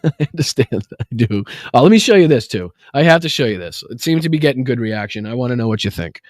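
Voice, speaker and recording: A man's voice: on the low side, no echo, studio quality. Rambling man hosting a political stream. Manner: rambling, narrates his screen actions. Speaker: show host. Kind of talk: casual political livestream.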